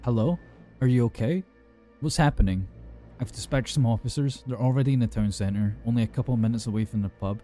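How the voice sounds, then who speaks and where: A man as a calm emergency operator. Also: mid-range voice, brisk, faint music behind, close to an everyday voice. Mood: firm. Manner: calm, steady, instructive.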